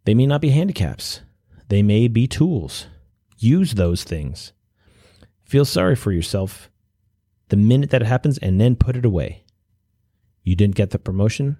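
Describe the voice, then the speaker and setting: Earnest low-voiced male podcast host. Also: very animated, dark tone, no echo, studio quality. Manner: earnest, exhorting, with restarts and pauses. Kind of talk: motivational monologue.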